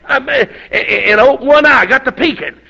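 Southern preacher guy, high gravelly voice, sore throat, folksy and fired up, muffled old tape. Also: moderate pace. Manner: folksy storytelling, fervent, rising to shouts. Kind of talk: revival sermon. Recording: dull lo-fi recording.

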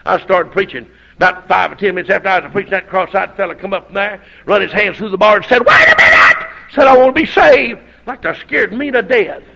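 An older man preaches in a folksy storytelling style, now and then shouting out. His voice sits high and bright, with a gravelly edge. The recording sounds dull and lo-fi. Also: fast, slight background noise. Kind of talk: storytelling sermon.

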